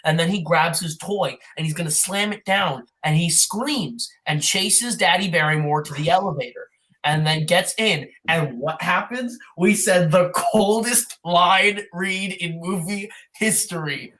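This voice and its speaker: A podcast co-host recapping an old film in a rambling, profane, excitable way, sometimes doing quick mock voices. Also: medium pitch. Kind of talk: casual comedic chat.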